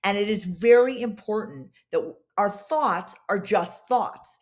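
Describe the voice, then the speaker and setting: Animated woman telling long stories. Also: mid-range voice, a little slow. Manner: animated, long-winded storyteller acting out quotes. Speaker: podcast guest, PR entrepreneur. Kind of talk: casual interview storytelling.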